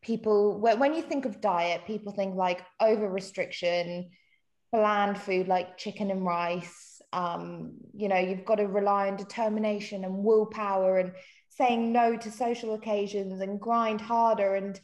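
A woman's voice: mid-range voice, a little mellow, reverberant. A woman from South Africa co-hosting a podcast in a chatty, casual way, often laughing and acting out quotes. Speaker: podcast co-host. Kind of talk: casual chat.

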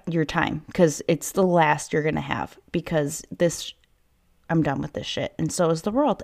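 A woman's voice: lowish voice, vocal fry, darkish tone. A woman hosting a solo podcast, fired up and angry, swearing often and rambling into asides, recorded inside a child's play tent at home. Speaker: podcast host. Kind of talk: casual solo podcast monologue.

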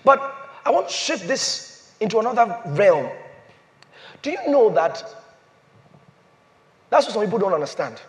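A man preaching a sermon as pastor, repeating phrases and swinging from loud declarations to hushed, slow emphasis. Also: high voice, sing-song. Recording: long hall reverb.

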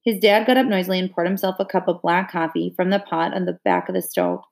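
A woman reading a children's novel aloud, with steady, expressive narration. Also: on the low side, fast talker. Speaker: reader.

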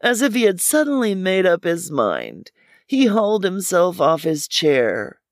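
Man, wry deadpan crime-story narrator, lively pitch, dry close-mic sound. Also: a little slow, dry recording.

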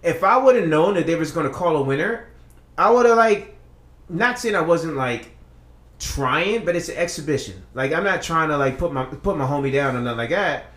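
A man's voice: on the high side, animated, moderate pace, fairly bright tone, reverberant. A man on a casual podcast, telling a long story in a rambling, profane way with many restarts. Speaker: podcast co-host.

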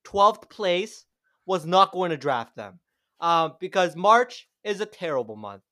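A man's voice: high voice, big pitch swings, measured pace, sharp tone, no room sound, clean studio sound. A young man, co-hosting a casual chat and ranting heatedly and sarcastically, with some swearing.

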